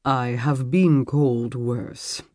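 A narrator voicing Seth, a towering, mysterious stranger who speaks deeply, softly and slowly. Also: steady tone, no echo, clean studio sound, lightly acted. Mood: calm. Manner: deep, soft and slow.

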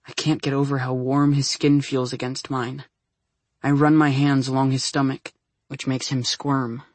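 A man's voice: mid-range voice, flat delivery, normal speed, dry recording. A man reading a first-person story aloud, intimate and anxious, often tipping into flustered rambling. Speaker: audiobook narrator. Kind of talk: scripted first-person narration.

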